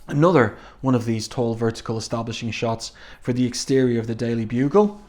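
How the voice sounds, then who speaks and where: Man, comic reviewer, casual read-through, halting, unhurried asides. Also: medium pitch, darkish tone. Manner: halting, with many ums and slow admiring asides.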